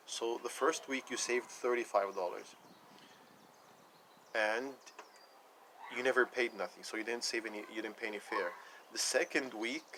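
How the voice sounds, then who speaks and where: A man's voice: medium pitch, bright, forceful tone, slight background noise, rough recording. A man talking casually into the camera, rambling and repeating himself as he retells conversations. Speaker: vlogger. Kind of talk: casual personal rant.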